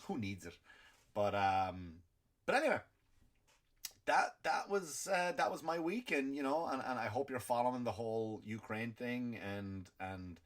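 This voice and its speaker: Ranting Irish comedian, wild swings in loudness. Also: male voice, animated, measured pace. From Ireland. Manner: ranting, swearing, many restarts and repeated words; swings between loud outbursts and low mutters. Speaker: comedian podcast host. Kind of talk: stand-up style rant.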